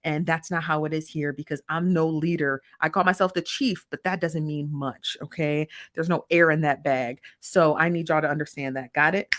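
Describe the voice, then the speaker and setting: A woman's voice: sits low, fairly even intonation, moderate pace, few pauses, fairly bright tone. A woman hosting a casual livestream, chatty and blunt, with lots of slang, greeting her viewers one by one. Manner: frank and blunt, uses slang. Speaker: livestream host.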